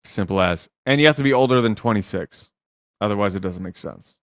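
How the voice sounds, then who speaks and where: A man's voice: on the low side, a little fast, fairly bright tone, no room sound, studio quality. A man working as a dating coach, giving blunt, teasing advice on a live stream and swearing freely.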